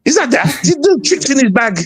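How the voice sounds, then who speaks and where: A man's voice: very high voice, sing-song, fairly quick, a crowd in the background. A male streamer talking in casual stream chat, taunting and swearing a lot.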